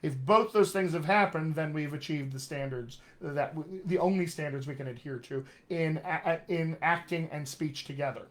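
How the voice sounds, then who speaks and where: A dialect coach, a man, talks through a live-streamed accent lesson in a loose, conversational way. He is emphatic and openly opinionated, and his voice sits a little higher than most men's. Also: normal speed, few pauses, a bit bright.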